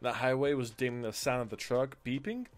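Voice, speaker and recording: A man's voice: mid-range voice, a little fast, a little hiss or hum. A man casually telling a personal story to his viewers, acting out what people said and using lots of fillers. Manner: animated retelling, acts out quoted lines, frequent fillers.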